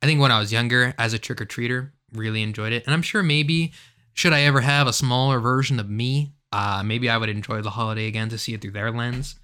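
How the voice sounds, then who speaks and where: A man's voice: medium pitch, steady tone, fast, sharp tone, clear, resonant tone. A young man co-hosting a live stream, rambling in a laid-back, slangy casual chat. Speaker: co-host.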